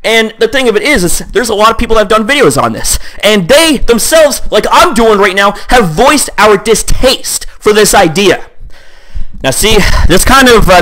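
A young man with a high, lively voice, ranting to camera, heated and profane. His tone is bright and tense, and he swings between drawn-out shouts and muttered asides. He is sweaty, just back from the gym. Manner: heated, profane, repeats "here's the thing". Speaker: YouTuber. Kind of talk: angry rant to camera.

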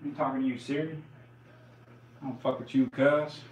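A man's voice: medium pitch, fairly even intonation, moderate pace, slight background noise. Slangy, profane male stream host. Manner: slangy, profane, hyped banter. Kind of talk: casual live-stream commentary.

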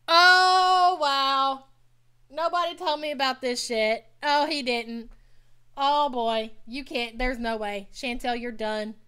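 Sassy woman streamer, blunt and lively. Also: sits high, takes it slowly, clean tone. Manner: blunt, sassy, talks to her chat. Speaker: live stream host reacting to a reality show. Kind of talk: casual live-stream commentary.

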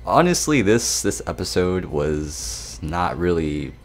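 A man's voice: deep voice, very animated, takes it slowly. A young man giving a casual anime episode review, rambling, laughing and swearing as he retells scenes.

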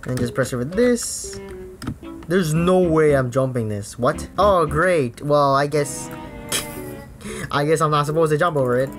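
A gaming YouTuber giving jokey let's play commentary, excitable, with frequent gasps and laughs. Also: mid-range voice, measured pace, over music.

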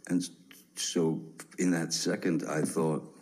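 A man in his fifties giving courtroom testimony, halting with many pauses and restarts. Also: rumbling low, fairly even intonation, a little mellow, rough recording.

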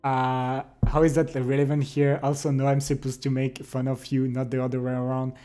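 A man's voice: mid-range voice, monotone, normal speed, dark tone, faint music behind. A young adult man livestreaming, chatting casually with his viewers, reading their messages aloud and teasing them playfully.

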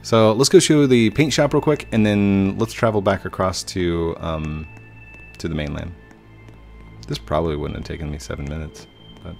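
A man's voice: deep voice, fairly even intonation, normal speed, creaky, a little mellow. A man hosting a gaming channel, giving chatty, rambling gameplay commentary and humming to himself. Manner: chatty, rambling, hums and self-corrects. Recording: game music under voice.

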